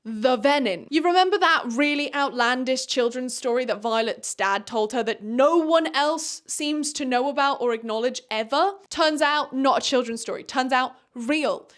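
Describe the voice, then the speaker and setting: A woman's voice: high voice, normal speed, few pauses, a bit bright. A woman giving a casual, sarcastic book recap, with chatty, dramatic asides. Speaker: book reviewer.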